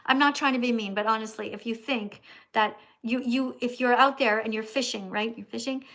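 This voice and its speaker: A woman's voice: on the high side, steady tone, brisk, fairly bright tone. A middle-aged American woman hosting a livestream in casual chat, emphatic and scolding, repeating herself. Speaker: livestream host.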